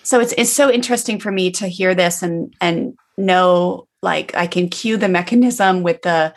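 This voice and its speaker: Low-voiced woman hosting a chat. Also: moderate pace. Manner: reflective, gives many short agreeing replies. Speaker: podcast host. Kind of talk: casual conversation.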